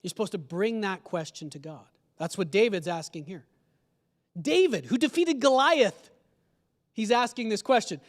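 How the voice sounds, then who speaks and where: A man's voice: sits high, animated, moderate pace. A male pastor preaching a sermon in a conversational way, asking his congregation questions. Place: church sanctuary. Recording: long church hall reverb.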